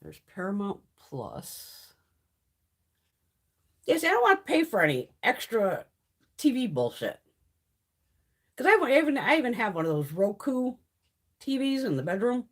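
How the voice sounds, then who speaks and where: A woman's voice: a little high, very animated, a little slow, long pauses. A woman hosting a beauty livestream from home, chatting casually in a blunt, profane way while sick. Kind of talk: casual live-stream chat.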